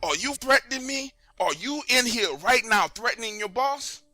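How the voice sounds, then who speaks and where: A man voicing an angry male boss who turns defensive and shouts in a high voice. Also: expressive, a little fast, soft background music. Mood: furious.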